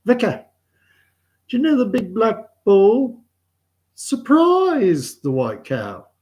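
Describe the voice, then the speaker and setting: A man's voice: high voice, wildly swooping pitch, slow, darkish tone, voice pushed up, exaggerated voice. A man voicing a cheeky young farm boy, with a put-on Northern English accent and a chirpy, blurting manner.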